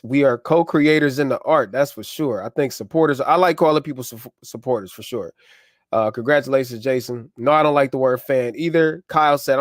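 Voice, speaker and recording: Guy rambling on his live stream, shouting out viewers, dry close clip mic sound. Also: medium pitch, dry recording. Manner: loose, chatty, shouting out viewers. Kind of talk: casual live stream chat. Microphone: wireless clip-on mic.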